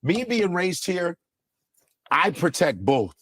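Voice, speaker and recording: Animated, profane man with a lively high voice. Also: slow pace, breathy edge, no echo. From raised in the US. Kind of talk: casual podcast chat.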